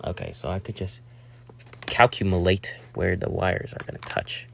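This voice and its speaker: A young man casually narrating a hobby build, rambling and talking to himself with sudden excitable outbursts. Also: sits low, a little slow, gravelly, slight background noise.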